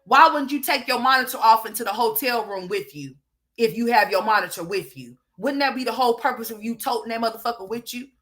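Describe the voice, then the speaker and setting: A woman's voice: a little high, fast, a bit bright. Blunt, profane woman ranting on camera. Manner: blunt, profane, hammering rhetorical questions. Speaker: online commentator. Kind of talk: opinion commentary rant.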